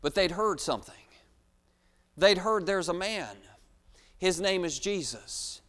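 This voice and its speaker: Guy preaching in a church, high smooth voice, lots of rhetorical questions, long hall echo. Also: lively intonation, slow. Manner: emphatic, rhetorical questions, swings between loud and hushed. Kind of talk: sermon.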